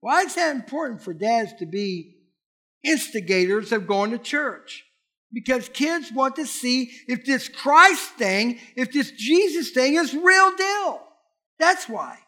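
High, lively preacher man. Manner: animated, punchy storytelling with emphatic repetition. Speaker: pastor. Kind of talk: sermon.

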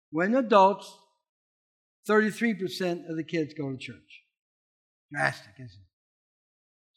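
A high, bright-voiced middle-aged man preaches a sermon. He swings his pitch widely and drives his points home with punchy, emphatic repetition. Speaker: pastor.

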